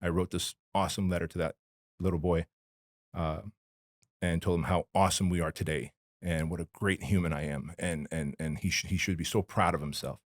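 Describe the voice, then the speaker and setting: A man's voice: low voice, steady tone, a little fast, dry recording, clean studio sound. A man from Armenia, a podcast guest telling his personal story candidly, in a blunt, emphatic, slangy way. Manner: emphatic, blunt and slangy, addressing the host as dude and bro.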